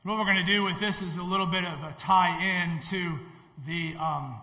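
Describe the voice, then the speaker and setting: An earnest male pastor exhorts his congregation, often restarting his phrases. His voice is bright and forceful and sits a little high for a man. A long reverb fills the church sanctuary around him. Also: steady tone, normal speed. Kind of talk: sermon and communion service.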